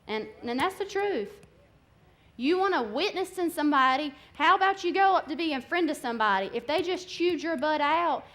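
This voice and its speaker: A woman's voice: high-pitched, fairly bright tone. Impassioned young woman preaching. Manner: candid, impassioned, conversational preaching. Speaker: guest speaker. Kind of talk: sermon.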